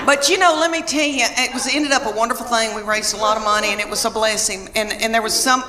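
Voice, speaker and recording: A middle-aged woman with a Southern US drawl performs stand-up comedy, spinning chatty family stories with teasing asides. Her voice sits a little high, and it rings through a big live hall with a long reverb tail and clear audience noise behind her. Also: steady tone, fast. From Southern United States. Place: theater stage before a live audience.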